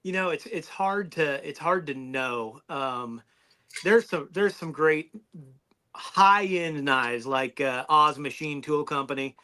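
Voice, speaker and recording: Bright, lively man talking knives. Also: a little high, takes it slowly. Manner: rambling, restarts mid-sentence. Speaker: knife reviewer guest. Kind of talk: casual podcast chat.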